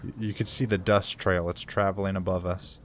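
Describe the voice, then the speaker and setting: Playing a survival horror game, this YouTuber chats away in a low, level voice at a fairly quick clip, getting jumpy and letting out nervous laughs whenever something scares him. There's slight background noise on the let's play recording.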